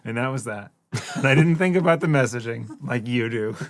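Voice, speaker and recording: A man's voice: medium pitch, expressive, fairly quick, no room sound. A man co-hosting a podcast, talking about games in a laid-back, wry way, often laughing. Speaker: podcast co-host. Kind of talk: casual chat.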